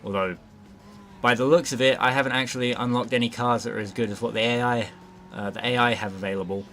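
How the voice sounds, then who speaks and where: A man's voice: mid-range voice, steady tone, fast talker, bright, forceful tone. A man casually narrating his gameplay as a let's play host, rambling with lots of fillers and frequent swearing. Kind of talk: gameplay commentary.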